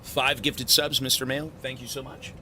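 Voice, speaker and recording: A man with a hoarse, worn-out voice chatting casually with viewers on a gaming live stream, loose and swearing. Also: mid-range voice, little pitch movement, sharp tone, slight background noise. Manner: slow, loose, swearing banter. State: hoarse, sore throat. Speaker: gaming livestreamer.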